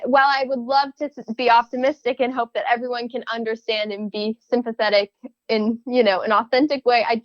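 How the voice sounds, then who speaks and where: A woman's voice: fairly high pitch, no room sound. Thoughtful young woman, muffled audio. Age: young adult. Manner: thoughtful, hesitant with fillers. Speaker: guest. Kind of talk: casual interview chat.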